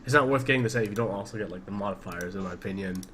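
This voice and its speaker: A man with a fairly low voice reading out news on a casual podcast, upbeat and keen. Clear background noise sits under his audio. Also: very fast, fairly bright tone.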